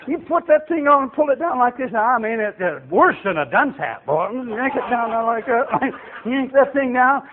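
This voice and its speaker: High-voiced folksy preacher on tinny radio. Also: male voice, very animated, moderate pace, hardly any pauses, a little hiss or hum. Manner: folksy, acts out voices, builds to shouts. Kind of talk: storytelling sermon. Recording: tinny phone-like radio broadcast.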